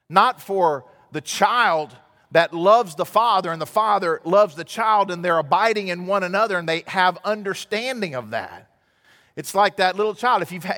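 High-voiced man preaching in echoing hall. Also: fairly bright tone. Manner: conversational storytelling, building to emphatic outbursts. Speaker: pastor. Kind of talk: sermon. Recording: long hall reverb.

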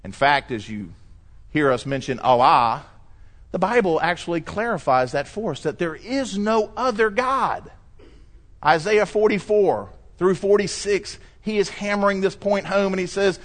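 A middle-aged man pastor delivering a sermon, preaching emphatically and rising to loud cries when he quotes scripture. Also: high-pitched, lively intonation, unhurried.

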